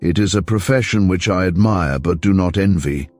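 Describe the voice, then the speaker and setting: A man voicing a fussy, mild middle-aged investigator who speaks softly and pedantically, low in pitch, for an audiobook. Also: moderate pace, no echo, faint music behind, natural voice. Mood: prim.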